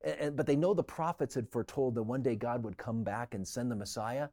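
A man of ordinary pitch co-hosts a Bible study conversation. He teaches in a relaxed, conversational way. He acts out the crowd's reactions to the story. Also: a little fast. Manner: explains scripture, acts out listeners' reactions with rising excitement. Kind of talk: teaching discussion.

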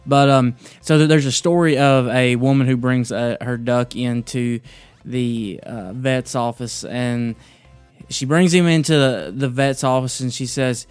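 Halting man. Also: mid-range voice, fairly even intonation, darkish tone, smooth, no room sound, faint music behind. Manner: halting, with many restarts, telling a joke before the devotional. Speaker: podcast host. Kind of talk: casual devotional talk.

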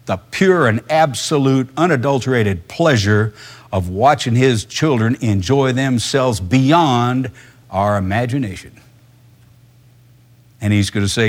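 A man's voice: medium pitch, expressive, measured pace. A male pastor, preaching a sermon in a conversational, emphatic way full of rhetorical questions.

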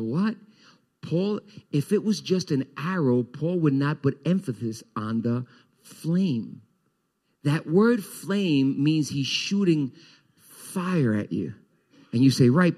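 Speaking to his congregation at church, a pastor with a medium-pitched voice delivers a lively sermon. He explains scripture as his voice climbs and drops.

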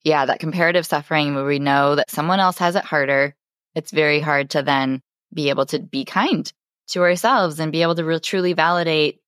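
A woman's voice: low voice, fairly even intonation, a little fast, a bit bright, clear, resonant tone, dry recording, studio quality. A woman hosting a podcast, affirming and reflecting on her guest's points in conversation. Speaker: podcast host.

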